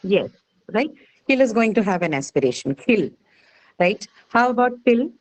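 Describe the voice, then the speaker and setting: A woman's voice: mid-range voice, very animated, normal speed, low-quality recording. A woman teacher with an Indian English accent, lecturing a class on phonetics and often checking understanding. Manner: patient, explanatory, checks understanding with frequent "right?" and "okay".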